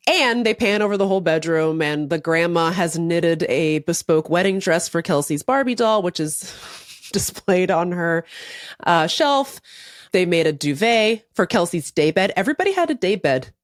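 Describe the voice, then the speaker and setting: A woman's voice: lowish voice, animated, moderate pace, no echo, clean studio sound. A woman co-hosting a podcast, telling a story animatedly in casual chat, acting out quotes and laughing often. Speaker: podcast co-host.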